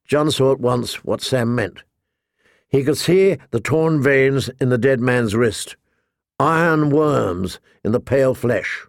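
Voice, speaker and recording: Male audiobook narrator, slow, gravelly voice, dry close mic. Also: medium pitch, no room sound. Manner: slow, measured reading.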